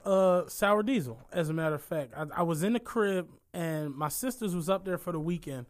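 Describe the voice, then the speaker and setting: A man, co-hosting a podcast and telling stories in an animated, profane way. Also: high-pitched, normal speed. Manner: animated, profane, laughs through his stories. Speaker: podcast co-host. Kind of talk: casual storytelling chat.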